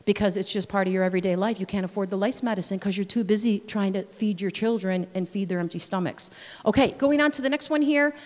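Her medium-pitched voice moves fast as this missionary woman preaches from a church sanctuary. The sermon is full of personal anecdotes; she dramatizes scenes and calls out praise with lively energy, while the spacious hall adds a long reverb.

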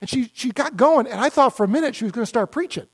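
A middle-aged male pastor giving an animated, conversational sermon full of mock dialogues. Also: extremely high pitch, fast, breathy edge.

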